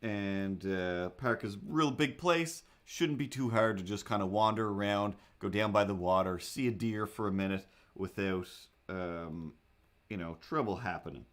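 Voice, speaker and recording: A man hosting a livestream who tells a story casually and animatedly, acting out his own thoughts and other people in a higher voice. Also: moderate pace, fairly bright tone. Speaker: livestream host. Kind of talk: casual storytelling while drawing.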